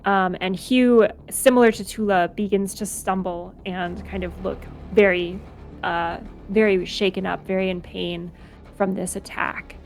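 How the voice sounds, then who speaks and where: A woman's voice: medium pitch, steady tone, measured pace, slight background noise. Woman running a tabletop game. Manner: explains rules while thinking aloud. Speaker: dungeon master.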